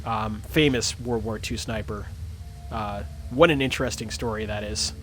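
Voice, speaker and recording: A man's voice: on the low side, moderate pace, faint music behind. A man running and narrating a tabletop game on a livestream, with self-mocking asides. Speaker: game master.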